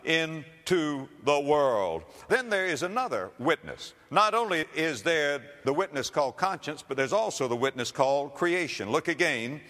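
Emphatic preaching man in a reverberant hall. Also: big pitch swings. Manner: emphatic preaching with dramatic swings in pitch and loudness, slowing on key words. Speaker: pastor. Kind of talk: sermon.

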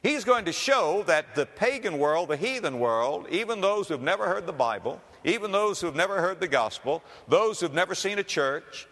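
A man preaching a sermon as a pastor, with emphatic, dramatic delivery that slows down on key words. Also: high-pitched, expressive, a bit bright. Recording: long hall reverb.

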